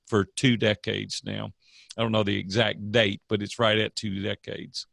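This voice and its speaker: A man's voice: on the low side, little pitch movement, moderate pace, creaky, fairly bright tone, no room sound, clean studio sound. An older man, a coach and guest, telling stories in a casual interview with an earnest, preachy manner.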